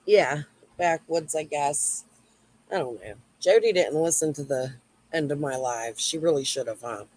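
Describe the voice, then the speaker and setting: A woman's voice: sits low, unhurried, darkish tone, rough recording. A woman hosting a livestream, rambling and swearing while she answers viewers in the chat. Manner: rambling, profane, replying to chat. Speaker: YouTube livestream host. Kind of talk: casual livestream rant.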